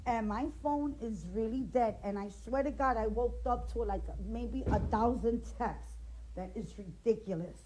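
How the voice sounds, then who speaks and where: Middle-aged woman, grandmother, direct-to-camera rant, indignant and confrontational, somewhat high voice. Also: unhurried, background noise. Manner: indignant, confrontational, firing rhetorical questions. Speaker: grandmother speaking out in a family feud.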